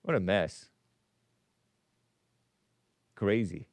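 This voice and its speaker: A man with a deep voice and drawn-out words hosts a casual radio call-in show, rambling and musing aloud. He breaks off mid-phrase and chuckles, and the recording has no echo.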